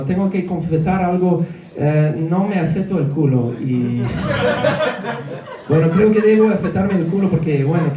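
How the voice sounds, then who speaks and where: A man in his thirties voicing a brash, crude alter ego who speaks loud, theatrical Spanish in a comedy set, heard from far off in an echoey room. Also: sits high, natural voice. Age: 30s.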